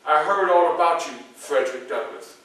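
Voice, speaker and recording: A man voicing a tall, calm 19th-century president who speaks in a measured, courteous way. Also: on the high side, natural voice. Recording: echoey room from far off.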